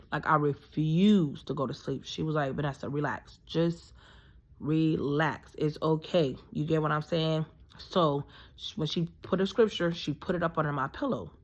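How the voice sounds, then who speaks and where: A woman in her thirties telling a personal story in a casual, rambling way, full of fillers and emphatic asides. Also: low voice. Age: 30s.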